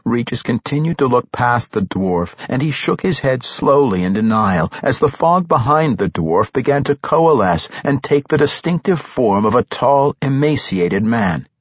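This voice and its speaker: A man narrating a fantasy novel with expressive storytelling, slowing for suspense. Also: mid-range voice, breathy edge, no room sound, muffled recording. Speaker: audiobook narrator.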